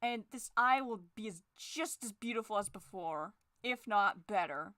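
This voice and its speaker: A young woman chatting casually while she draws, sarcastic, swearing freely, and jumping into shrill forced cheer. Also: lively intonation, measured pace, sharp tone, dry recording, studio quality. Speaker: drawing vlogger. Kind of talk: casual chat while drawing.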